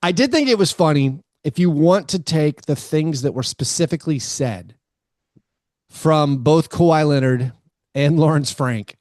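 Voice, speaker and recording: Guy cohosting a sports pod, kinda high voice, jokey, laughs a lot, dry close mic. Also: expressive, unhurried, darkish tone, dry recording. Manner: joking, laughs often, riffs on quotes. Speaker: podcast co-host. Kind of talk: casual sports chat.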